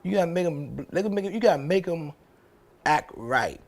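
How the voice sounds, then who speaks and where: A man's voice: a little high, animated, normal speed, vocal fry. A man, hosting his own show in a blunt, profane casual monologue that repeats points for emphasis. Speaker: show host.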